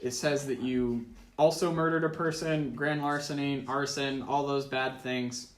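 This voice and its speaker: A man's voice: mid-range voice, fairly even intonation, measured pace. A teenage boy narrating a tabletop game as game master, casual and often laughing, with many ums and uhs. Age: teens. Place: school room. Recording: echoey room.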